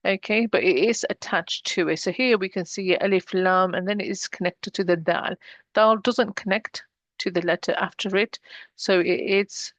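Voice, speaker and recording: A woman's voice: mid-range voice, fairly bright tone, no room sound. Woman teaching Arabic pronunciation, dry sound. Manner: patient, slows down to model pronunciation. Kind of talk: explanatory language lesson.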